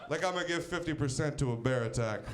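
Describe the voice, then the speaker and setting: A man's voice: fairly high pitch, fast, heavy background noise. A man from Pennsylvania doing a stand-up comedy set with a punchy, wry storytelling delivery. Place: comedy stage.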